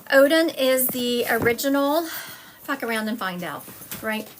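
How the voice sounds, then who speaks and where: A woman psychic medium talks through a live-stream reading from home, chatty and wandering into side stories. Her voice sits fairly high, and a faint hiss runs under the phone recording. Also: expressive, measured pace. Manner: chatty, digressive, jumps between stories.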